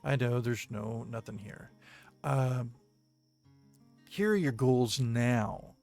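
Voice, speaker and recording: A man giving casual gameplay commentary, reading viewer comments aloud in a halting way with many ums and uhs and the odd chuckle. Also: medium pitch, a little mellow, faint music behind. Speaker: gaming video creator.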